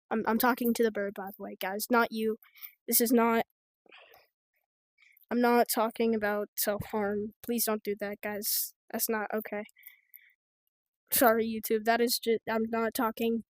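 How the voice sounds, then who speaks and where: A woman's voice: a little high, no room sound. An American woman giving game trading tips in rambling, casual commentary, full of fillers like "like" and "so". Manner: rambling, filler-heavy, offhand.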